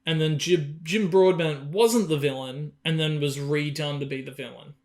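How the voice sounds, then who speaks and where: A man with a fairly high voice co-hosts a casual film-review podcast. He swears freely and mocks what he watched, slipping into quick impressions of the characters. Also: fairly even intonation. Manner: sweary, mocking, acts out characters' lines. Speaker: podcast co-host.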